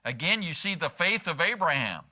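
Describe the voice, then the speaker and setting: A man's voice: on the high side, very animated, moderate pace, sharp tone. A man as pastor preaching a sermon in church, asking the congregation rhetorical questions and slipping in humor.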